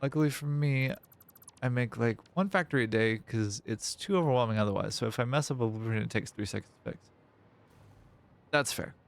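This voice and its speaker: A man's voice: medium pitch, fairly quick, vocal fry. A man livestreaming a game, chatting casually with his viewers and reading their messages aloud, with playful mock-dramatic whining. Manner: reads chat messages aloud. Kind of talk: casual gaming livestream chat.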